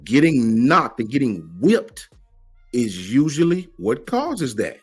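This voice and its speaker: A man's voice: mid-range voice, sing-song, takes it slowly, husky, faint music behind. A man hosts a livestream and answers the chat, emphatic and slangy, firing off rhetorical questions. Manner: slangy, keeps asking "right?". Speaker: host of a college football fan channel.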